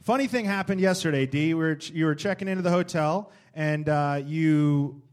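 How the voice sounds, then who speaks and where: Man, higher voice, live comedy club podcast, loud hype-man intros, teasing banter. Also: normal speed. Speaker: podcast co-host.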